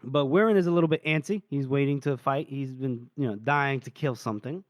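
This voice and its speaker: Chatty laughing podcast host, dry sound. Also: male voice, mid-range voice, brisk, no room sound. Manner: laughs often, many fillers and restarts. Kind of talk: casual chat retelling a book.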